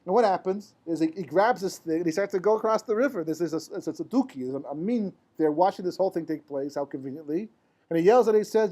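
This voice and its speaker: Mellow-voiced rabbi giving a class. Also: male voice, sits high, fast talker. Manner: conversational, asks rhetorical questions and checks in with "right?"; mixes Hebrew and Yiddish terms into English. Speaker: rabbi teaching a Torah class. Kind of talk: informal lecture to a live class.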